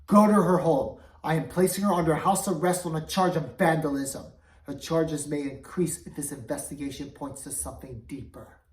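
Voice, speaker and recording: A woman's voice: extremely low pitch, moderate pace, hardly any pauses, dark tone. A woman voicing a stern, commanding king who interrogates and gives orders, in a roomy recording from a distance. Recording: roomy, voice away from mic.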